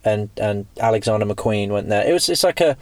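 Laid-back co-host with a dry sound. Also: male voice, on the low side, lively intonation, a little mellow, no room sound. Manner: laid-back, profane, quick agreeing interjections. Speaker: magazine founder and podcast co-host. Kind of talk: casual chat.

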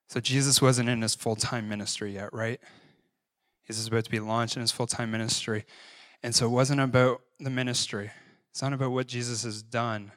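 A man's voice: medium pitch, little pitch movement, moderate pace, dry recording. A man preaching a conversational sermon, often checking in with his listeners. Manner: conversational, frequent "right?" tag questions.

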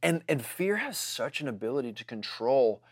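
A man's voice: mid-range voice, big pitch swings, normal speed, no room sound. A man telling a casual story to his congregation, chatty and full of fillers.

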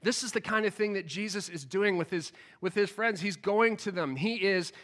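A man giving a casual, animated Bible teaching in a storytelling way, often laughing as he goes. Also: high voice, moderate pace. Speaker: preacher.

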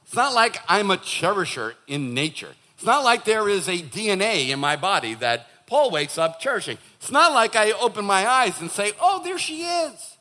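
Joking pastor, man, preaching with a high, bright voice; playful delivery. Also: normal speed, hardly any pauses. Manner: animated and joking, acts out quoted voices. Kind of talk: sermon. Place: church.

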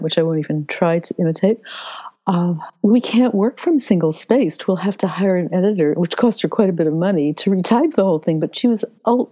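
An older woman, a cookbook author, tells stories with enthusiasm in a chatty interview conversation. Her voice is fairly low and mellow, and the recording has a dull lo-fi sound.

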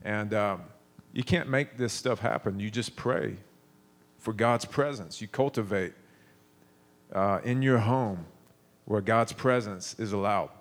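A man's voice: lowish voice, takes it slowly. A man in his thirties preaching a sermon, telling stories in a conversational way with frequent restarts.

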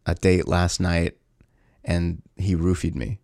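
A man quoting a withdrawn young woman on a date. She speaks in a low, subdued mumble. The voice is gravelly and dry. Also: little pitch movement, takes it slowly, a little mellow, no room sound, heavily acted.

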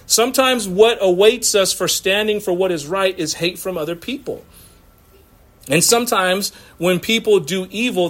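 Pastor, male, high-pitched, conversational sermon with frequent laughs. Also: a bit bright. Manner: conversational, laughing often, acts out quotes.

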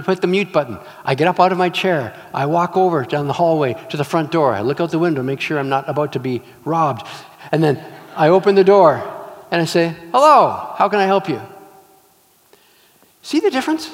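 In a large hall with long reverb, a pastor speaks at a moderate pace in a fairly high voice. His sermon is animated storytelling, with scenes acted out and emphatic repetition.

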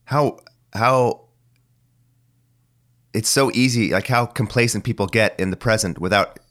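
A man's voice: fairly low pitch, a little slow, a bit bright. A man in his forties with a phlegmy voice that cracks now and then, musing aloud in a rambling, casual solo monologue. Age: 40s. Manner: rambling, musing, mildly profane. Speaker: podcast host.

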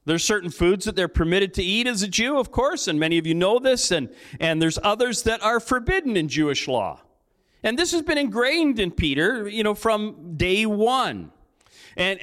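Man, lead pastor. High, lively preacher who acts out joking dialogue in his sermon. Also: moderate pace. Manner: storytelling with playful acted-out dialogue and jokes.

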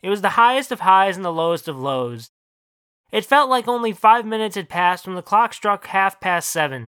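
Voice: medium pitch, animated, moderate pace, fairly bright tone, smooth, no room sound, clean studio sound. An author narrating their own short story and then chatting casually about it. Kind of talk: audiobook reading and casual commentary.

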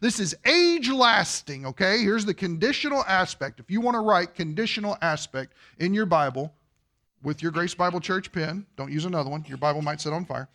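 A man preaching a sermon to a congregation, asking them questions and swinging between loud emphasis and hushed, quiet lines. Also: sits high, expressive, fairly quick. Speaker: pastor.

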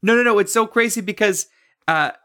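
A man co-hosting a podcast, chatting casually in an excitable, jokey way. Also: sits high, fairly quick. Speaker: podcast co-host. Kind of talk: casual chat.

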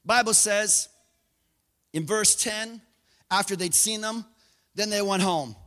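A man preaching a sermon, telling the story in an animated way and acting out scenes. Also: sits high, slow pace, in a large hall. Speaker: pastor.

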